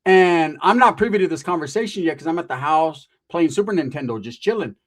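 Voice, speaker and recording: A man's voice: fairly high pitch, expressive, a little fast. A middle-aged man casually telling a story from his past, full of profane street slang and quoted dialogue. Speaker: podcast guest telling a story.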